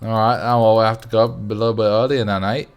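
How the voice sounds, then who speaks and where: A man's voice: fairly low pitch, level tone, fast talker, clear, resonant tone. Chatty man streaming a game. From Netherlands. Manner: chatty, laughs often, mutters while building. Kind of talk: casual livestream commentary.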